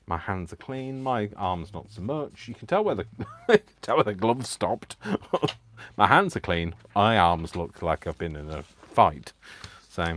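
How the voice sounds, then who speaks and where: Lively-pitched man chatting while crafting. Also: slight background noise. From United Kingdom. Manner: chatty, self-mocking, laughs often. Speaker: crafting channel host. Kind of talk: casual live craft stream.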